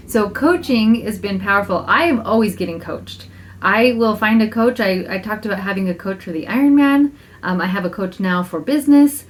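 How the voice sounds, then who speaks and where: A woman at a middle pitch talks through a casual podcast monologue as a life coach. She is upbeat and chatty, laughs easily, and acts out her own inner thoughts as little quotes. When something matters, she slows down and leans on the words. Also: expressive. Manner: emphatic, slows down to stress key points.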